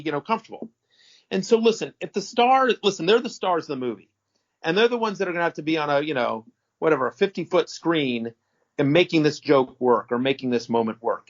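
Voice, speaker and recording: Middle-aged man, animated storyteller, slightly high voice, dull lo-fi sound. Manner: animated, rambling, self-correcting, profane. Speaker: interview guest. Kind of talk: casual storytelling interview. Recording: dull lo-fi audio.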